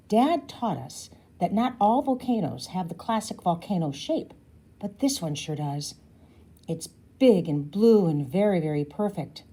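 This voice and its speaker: Lady reading a kids' chapter book out loud, lowish mellow voice, stops to explain the big words. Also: lively intonation, moderate pace, slightly rough. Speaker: storybook reader. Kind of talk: reading a children's novel aloud.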